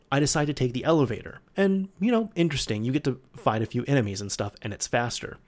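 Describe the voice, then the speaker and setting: A man's voice: medium pitch, a little mellow. Chatty male podcast host. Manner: rambling, chatty, laughs often. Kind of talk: casual solo podcast chat.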